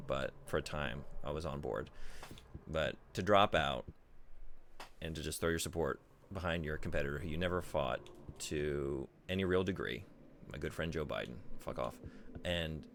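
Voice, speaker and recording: A man's voice: extremely low pitch, gravelly, background noise. A male streamer chatting casually while playing a game, rambling and swearing as he thinks aloud.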